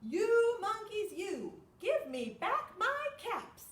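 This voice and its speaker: A woman doing an angry, shouting hat peddler. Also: sing-song, echoey room, exaggerated voice. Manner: shouting, high and slow.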